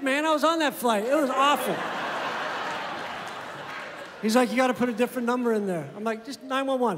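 A man performing a stand-up comedy set, telling deadpan stories and acting out both sides of phone calls. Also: extremely high pitch. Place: comedy club stage. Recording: live club recording with long reverb and room noise. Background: audience laughter and room ambience.

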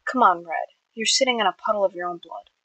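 A woman voicing a calm male villain in a storybook reading. He coaxes more than he threatens. The sound is dry and close. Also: medium pitch, fast, no room sound, highs cut off. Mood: coaxing.

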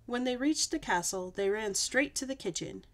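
A woman reading a picture book aloud to kids, her voice sitting fairly high. She reads in an expressive, animated way, shaping each line for young listeners. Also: moderate pace. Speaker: children's storyteller.

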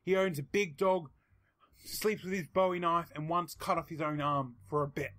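A man doing a slow gruff Aussie tough-guy narrator. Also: a little high, fairly even intonation, a bit bright, lightly acted. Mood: deadpan. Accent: Australian.

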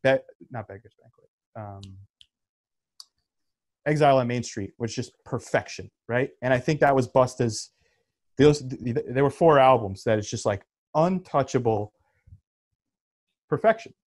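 A man's voice: medium pitch, animated, measured pace, long pauses, a little mellow. A man in his thirties, co-hosting a podcast, telling a story in casual chat and swearing freely. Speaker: podcast co-host.

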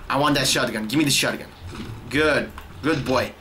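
A young man commentating his gameplay, swearing constantly, taunting the game and shouting in frustration. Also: mid-range voice, moderate pace, slight background noise. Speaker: gaming YouTuber. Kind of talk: profane rage-quit gameplay commentary.

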